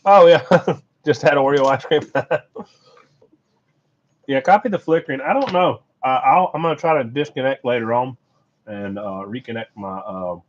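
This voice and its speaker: A man hosting a casual live repair stream, talking in a relaxed, rambling way and laughing often. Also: mid-range voice, moderate pace. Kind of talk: casual live stream chat while soldering. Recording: dull lo-fi stream audio.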